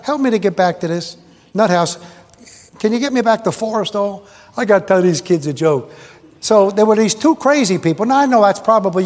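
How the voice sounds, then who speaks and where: High-voiced folksy preacher in a reverberant hall. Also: male voice. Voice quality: folksy, rambling, with rhetorical questions to the crowd. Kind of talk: sermon. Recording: long reverb in a big hall.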